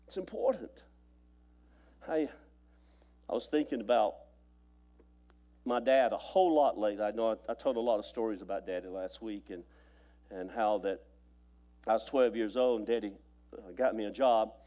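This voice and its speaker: A man's voice: on the low side, normal speed, pauses often, dark tone, muffled recording. A man preaching a sermon as pastor, telling stories with repeated phrases and stammered restarts.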